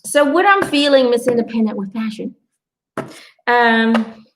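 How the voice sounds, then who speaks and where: Chatty woman with a gravelly edge. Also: a little high, a little slow, a little hiss or hum, low-quality recording. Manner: chatty, animated storytelling with quoted asides; reassuring, addresses viewers directly. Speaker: intuitive card reader. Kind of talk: live-stream angel card reading.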